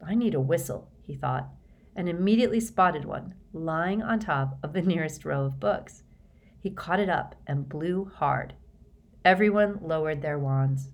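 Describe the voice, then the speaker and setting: Brief: woman audiobook narrator, slightly low voice, steady measured storytelling. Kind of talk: scripted narration.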